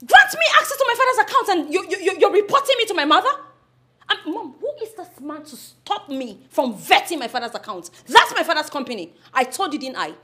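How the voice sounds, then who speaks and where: A woman's voice: extremely high pitch, sing-song, brisk, sharp tone, full character voice. A woman playing defiant young Adaku. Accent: Nigerian. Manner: taunting, confrontational. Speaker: daughter.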